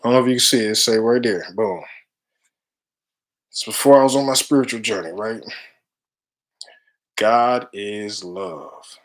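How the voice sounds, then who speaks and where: A man's voice: mid-range voice, fast, pauses often. A man giving a casual, preachy spiritual talk to viewers, full of slang and frequent laughter. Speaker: spiritual chant leader.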